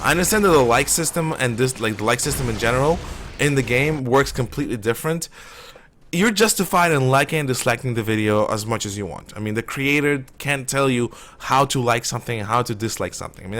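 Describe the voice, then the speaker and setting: Man streaming live gameplay, rambling opinionated chatter, mid-pitched voice, faint room noise. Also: fast talker, fairly bright tone. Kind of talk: casual live gameplay commentary.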